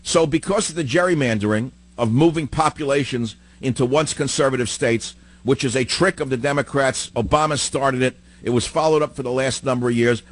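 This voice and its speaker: A man hosting a political talk radio show, delivering a combative monologue full of rhetorical questions and emphatic repetition, swinging between loud outbursts and low muttering. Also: brisk.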